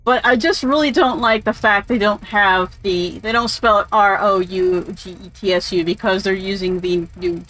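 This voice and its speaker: A woman streamer gives casual, rambling commentary on a game, chatty and opinionated, wandering into tangents and swearing offhandedly. Her mid-range voice is fairly bright, moving at normal speed with few pauses, on a low-quality recording.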